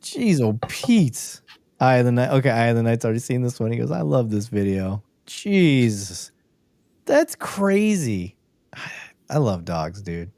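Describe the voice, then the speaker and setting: A male host chats casually on a live stream, laughing often and swearing freely. His pitch swoops up and down with lively energy, and the sound is close and dry. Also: a little slow, no echo. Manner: animated, profane, laughing a lot.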